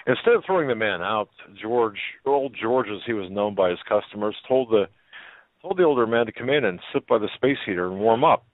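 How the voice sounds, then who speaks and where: Low-voiced male host on a phone line. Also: animated, no room sound. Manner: folksy, halting, with many fillers and restarts. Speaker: talk show host. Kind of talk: reading a story aloud on a talk show.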